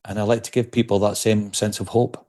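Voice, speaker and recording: A podcast guest speaks in a fairly low male voice, thoughtful and unhurried in conversation. He often repeats a word or two while he searches for his phrasing. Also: flat delivery, dark tone. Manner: reflective, repeats words as he searches for them. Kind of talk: conversational interview.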